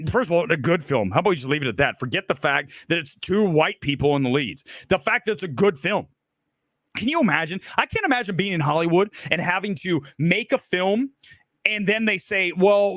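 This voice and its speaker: Heated, ranting man with a lively pitch. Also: dry recording, clean studio sound. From Ohio. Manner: heated, emphatic, repeats rhetorical questions. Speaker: film commentary host. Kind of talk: ranting monologue.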